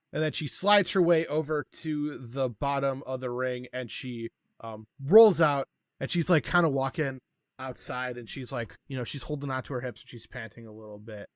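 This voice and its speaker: A man narrating as game master of a tabletop wrestling game, relaxed and explanatory, with many fillers. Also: medium pitch, dry recording.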